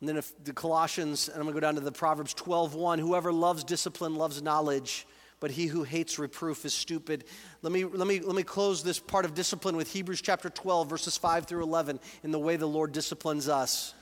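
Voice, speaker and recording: A man's voice: a little high, steady tone, fairly quick. A man in his forties, a pastor preaching a sermon in a church, earnest and conversational as he reads and explains scripture. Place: church sanctuary. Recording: reverberant church hall.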